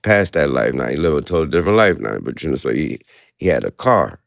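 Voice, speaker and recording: A man's voice: rumbling low, big pitch swings, fast talker, gravelly, no echo, clean studio sound. A man co-hosting a talk show, chatting casually in a laid-back, slangy way. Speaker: co-host. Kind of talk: casual chat.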